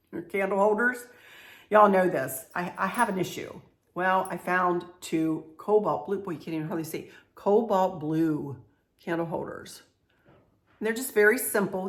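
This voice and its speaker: A woman's voice: on the low side, gravelly. A middle-aged woman, talking through a home decor haul in a chatty, confiding way. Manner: chatty, confiding, laughs often. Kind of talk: casual show-and-tell haul video.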